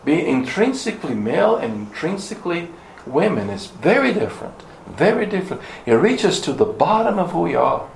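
Man preacher, sermon, gravelly, emphatic repeats, echoey room with faint ambience. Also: a little high, sing-song, moderate pace, a little hiss or hum. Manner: emphatic, repeats key words, uses fillers.

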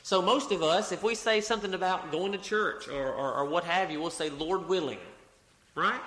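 With a little hiss or hum on the recording and echo from the church hall, a pastor preaches in a high-pitched, sharp voice at normal speed. He reads scripture aloud, repeats phrases, and corrects himself mid-sentence.

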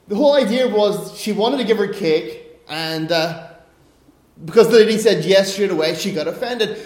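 An Irish man preaching a sermon as a pastor, chatty and anecdotal, poking gentle fun at himself. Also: high-pitched, a little fast. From Ireland. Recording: roomy echo.

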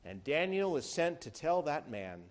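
A male pastor delivering a sermon with a lively, swooping delivery that climbs and drops through his phrases. His voice sits a little higher than most men's, and he drives his points home with emphatic rhetorical questions. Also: normal speed.

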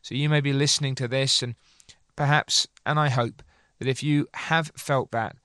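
A man giving an earnest sermon, reading old sermon passages aloud and commenting on them, slowing down to press his points. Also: medium pitch, fairly even intonation, sharp tone, dry recording, studio quality. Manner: earnest, slows for emphasis, pleading. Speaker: preacher.

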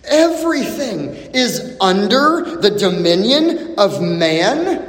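A man preaching a sermon, expressive and dramatic, repeating questions for emphasis with long pauses. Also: high voice. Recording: echoey hall with long reverb.

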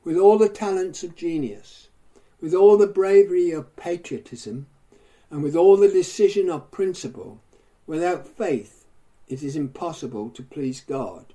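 A man delivers a sermon in a mellow, somewhat high voice. He declaims, with rising lists of phrases that swell in force and then sink to quiet, grave endings. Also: measured pace, low-quality recording. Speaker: preacher.

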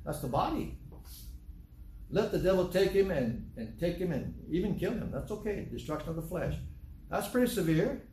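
A man's voice: fairly high pitch, a little mellow, a little hiss or hum. Man, pastor, sermon, conversational, quizzing the crowd, echoing hall. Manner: conversational, teasing the congregation with questions.

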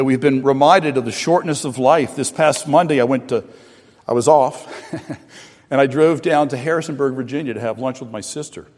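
A middle-aged man preaching a sermon, earnest, with restarts and repeated phrases, swinging between loud and soft. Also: medium pitch. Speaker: pastor. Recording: preaching voice with long hall reverb.

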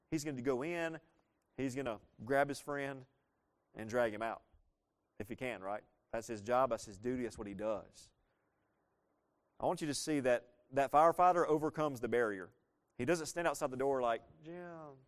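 A man preaching a sermon as pastor, earnest and emphatic, asking the congregation rhetorical questions and repeating phrases for weight. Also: mid-range voice.

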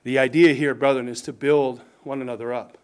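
A middle-aged man preaching a sermon as pastor, emphatic, swinging between raised exhortation and quiet asides. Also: fairly even intonation, fairly quick, smooth. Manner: emphatic preaching, rises and falls in pitch and volume, occasional chuckles.

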